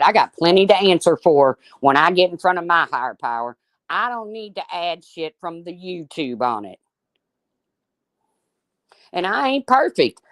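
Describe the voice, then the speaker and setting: A woman's voice: lowish voice, no echo, studio quality. A middle-aged woman hosting a live chat, talking bluntly and swearing freely, reading viewers' names aloud between folksy stories. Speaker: livestream host. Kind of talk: casual live chat, storytelling.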